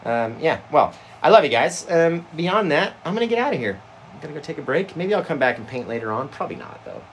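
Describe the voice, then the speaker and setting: A man's voice: on the high side, big pitch swings, fast talker, a little hiss or hum. A man hosting a painting livestream, chatting casually and rambling, often trailing off into mumbles.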